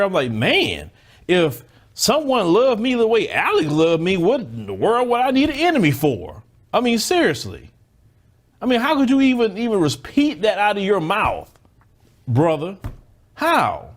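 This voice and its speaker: A man hosting a commentary channel, reacting to a news clip in a blunt, mocking way. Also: high-pitched.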